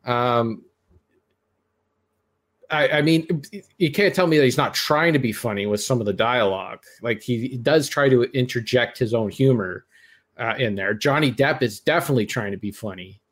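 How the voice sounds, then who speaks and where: A man's voice: medium pitch, normal speed, fairly bright tone. A man hosting a podcast, chatting casually and giving his blunt, rambling opinions. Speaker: podcast host. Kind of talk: casual chat.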